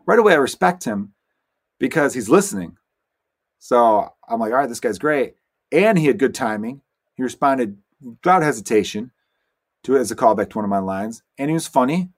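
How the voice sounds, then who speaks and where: A man who is a stand-up comedian, hosting his own solo podcast and telling stories in a rambling, animated way with quick asides. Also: medium pitch. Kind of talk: casual solo podcast monologue.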